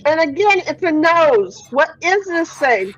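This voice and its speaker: A woman's voice: very high-pitched, big pitch swings, unhurried, muffled recording. A woman hosting a casual livestream, reading viewer comments aloud and chatting freely with occasional swearing. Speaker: livestream host.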